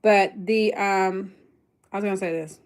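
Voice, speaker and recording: Woman streamer, middle-pitched voice, loose rambling chat with lots of fillers. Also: measured pace, clear, resonant tone. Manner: chatty and rambling, many fillers, turns excited and emphatic. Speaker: online business coach hosting a livestream. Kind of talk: casual livestream talk.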